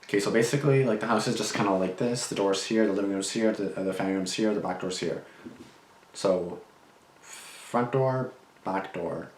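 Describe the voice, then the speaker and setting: A young man hosting a reaction channel speaks at a moderate pace in a lowish voice. He rambles through reaction commentary and a personal story with lots of fillers, restarts and swearing, and the echoey room carries faint background noise.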